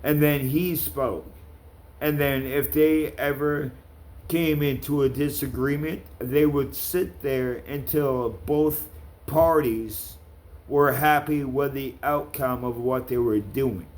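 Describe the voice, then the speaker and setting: A man's voice: medium pitch, fairly even intonation, slow pace, darkish tone. A man ranting to camera in a vlog, calling out people by name, with blunt, profane talk. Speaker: vlogger.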